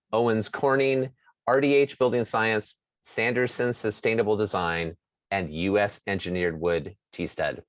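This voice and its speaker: Guy on a webinar reading off sponsor names, lowish voice, dry close sound. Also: no room sound. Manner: steady, reads names one by one. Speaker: host thanking sponsors.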